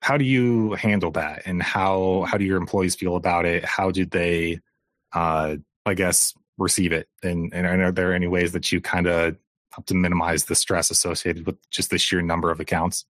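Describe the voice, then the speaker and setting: A man co-hosting a podcast, asking questions in a measured, deliberate way. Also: low-pitched, fairly even intonation, a bit bright, no echo, clean studio sound. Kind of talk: podcast interview.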